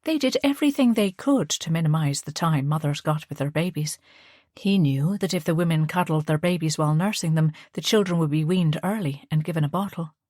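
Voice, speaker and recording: A woman narrating an audiobook in a measured storytelling manner. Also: deep voice, a little mellow, no room sound, clean studio sound. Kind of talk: scripted narration.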